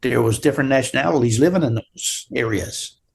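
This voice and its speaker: A man's voice: medium pitch, a little fast, vocal fry, a little mellow. A man from Newfoundland with a Newfoundland accent, chatting as a guest in a casual interview, rambling and often ending his sentences with "right?". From Newfoundland, Canada. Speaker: guest, drywall taper.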